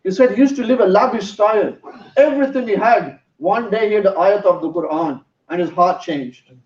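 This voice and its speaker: A man's voice: high voice, a little fast, darkish tone. A man giving a sermon, telling a story in an earnest way. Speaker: preacher. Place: mosque hall. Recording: roomy, distant, dull sound.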